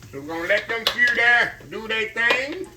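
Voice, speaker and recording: Filming a laid-back cooking vlog on a tripod in his home kitchen, a middle-aged home cook and kitchen manager talks to his viewers with chatty excitement, repeatedly addressing them as "y'all." He has a high-pitched voice and moves at a moderate pace, and the background is noisy.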